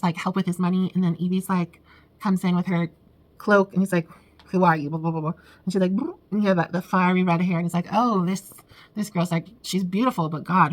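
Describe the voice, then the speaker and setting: A woman with a drawl talks through a book review in a casual, gushing way. She sounds excitable, with lots of "like" and "literally" and quick laughs between thoughts. Her pitch sits in the middle for a woman.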